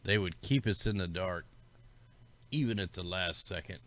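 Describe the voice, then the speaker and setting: A man's voice: low voice, normal speed, bright, forceful tone. A man hosting a livestream, rambling casually and conspiratorially as he talks through maps and greets his viewers. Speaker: livestream host. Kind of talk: casual commentary over maps.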